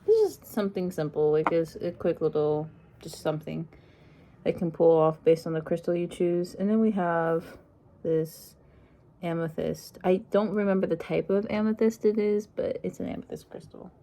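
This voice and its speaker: Low, gravelly-voiced woman reading tarot. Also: moderate pace. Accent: put-on accent. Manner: soft, meandering, with frequent ums. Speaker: tarot reader. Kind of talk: casual intuitive reading to camera. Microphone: phone propped on a crystal.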